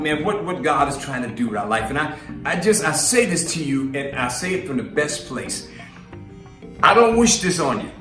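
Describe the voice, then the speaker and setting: A man's voice: fairly high pitch, fairly bright tone, echoey room, recorded from a distance. A man and minister giving a casual, storytelling sermon, chatty and laughing as he acts out voices in his stories. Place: live stream from a roomy space.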